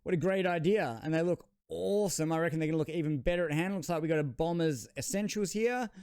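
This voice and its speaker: A man's voice: a little high, fast, a little mellow, clear, resonant tone, dry recording, studio quality. A man with an Australian accent hosting a trading card channel, giving rambling, self-deprecating unboxing commentary.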